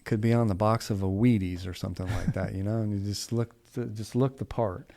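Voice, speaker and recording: A middle-aged man tells a story on a podcast in a relaxed, folksy way. He rambles and restarts, and tosses in asides as he goes. His voice sits a bit low. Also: brisk. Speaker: podcast co-host. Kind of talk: casual storytelling chat.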